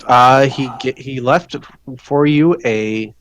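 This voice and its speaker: A man narrating as game master of a tabletop game, often pausing and restarting mid-sentence. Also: medium pitch. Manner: halting, with fillers and restarts.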